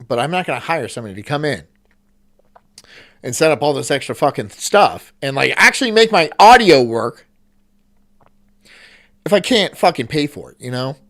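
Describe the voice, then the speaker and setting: A man's voice: fairly high pitch, animated, moderate pace, long pauses, a bit bright. A man hosting a stream, reacting casually with rambling, swearing asides. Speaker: streamer host.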